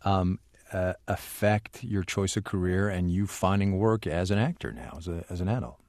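A man's voice: deep voice, normal speed, a little mellow, no echo, clean studio sound. A man hosting an interview, asking casual questions and summing up his guest's story before handing it back. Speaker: interviewer, host.

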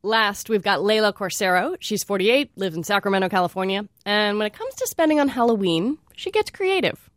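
A woman's voice: mid-range voice, expressive, fairly quick, no room sound. A woman hosting a radio interview show in a studio, friendly and lightly teasing with her callers.

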